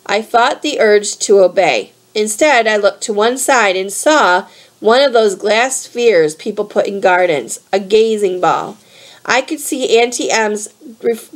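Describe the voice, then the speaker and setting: A woman reading a novel aloud in a steady, clear storybook manner. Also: medium pitch. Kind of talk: read-aloud narration.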